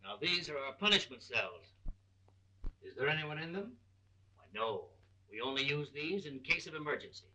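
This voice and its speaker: An actor playing a male reform school official in a 1930s film, smoothing things over in a bland, reassuring tone while showing visitors around. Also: fairly high pitch, big pitch swings, moderate pace, bright, forceful tone, heavily acted, poor audio.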